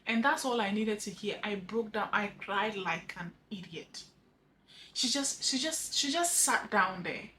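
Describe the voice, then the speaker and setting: Halting, earnest grieving woman. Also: on the high side, a little hiss or hum, poor audio. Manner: halting, repeats words, earnest; voice drops soft at phrase ends. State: grieving widow, emotional. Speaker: vlogger sharing a personal story. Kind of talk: heartfelt personal vlog monologue.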